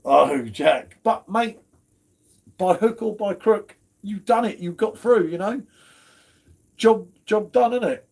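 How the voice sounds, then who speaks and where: A man's voice: high-pitched, expressive, unhurried, vocal fry, darkish tone, breathy edge. A man hosting a casual beer chat stream, slangy and chatty. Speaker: host of a beer review stream.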